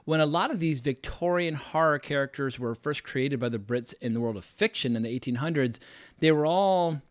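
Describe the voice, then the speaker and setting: A man's voice: a little high, moderate pace, dry recording, studio quality. Chatty enthusiastic man hosting a podcast. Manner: chatty, enthusiastic, loose with fillers. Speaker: podcast host. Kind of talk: casual podcast conversation.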